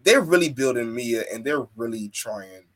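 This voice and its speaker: A man's voice: mid-range voice, animated, normal speed, a bit bright. A man hosting a casual wrestling podcast, swearing, laughing and mimicking wrestlers' voices. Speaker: podcast host.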